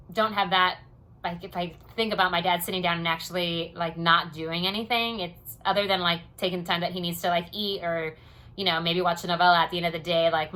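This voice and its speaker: A woman's voice: on the low side, pushed and bright. A young American woman talking casually in a personal diary vlog, rambling with many "you know" and "um" fillers. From United States. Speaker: vlogger.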